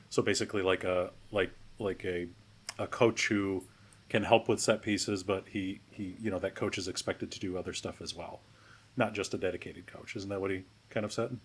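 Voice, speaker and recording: Husky low man, hesitant. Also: steady tone, normal speed. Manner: hesitant, self-deprecating, full of fillers. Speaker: podcast co-host. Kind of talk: casual chat.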